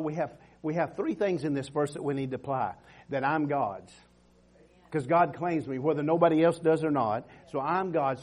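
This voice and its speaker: Fervent preacher man, slightly high voice. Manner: fervent, rising to loud calls with "come on" and "amen". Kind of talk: sermon. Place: church.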